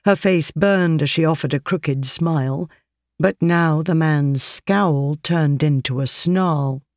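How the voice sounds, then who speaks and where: An audiobook narrator reading a story in a steady, measured way. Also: mid-range voice, no echo, clean studio sound. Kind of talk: scripted narration.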